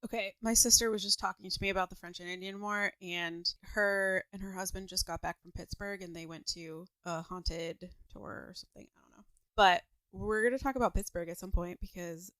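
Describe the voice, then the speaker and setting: A young adult woman co-hosting a podcast, reacting with quick casual asides and swearing. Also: mid-range voice, steady tone, a bit bright, no room sound. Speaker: podcast co-host listening. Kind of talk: casual chat.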